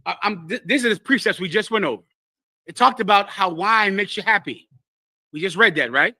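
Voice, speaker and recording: A man's voice: high-pitched, a little fast, dry recording. A man teaching a scripture class to a live congregation, preaching with call-and-response and speaking straight to listeners. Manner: animated call-and-response, addresses listeners directly.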